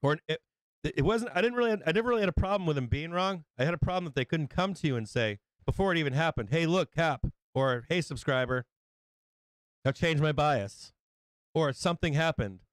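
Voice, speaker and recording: A man's voice: fairly high pitch, lively intonation, fast talker, no room sound. A man hosting a trading livestream, rambling and swearing often as he acts out quoted exchanges. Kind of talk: casual profane chat.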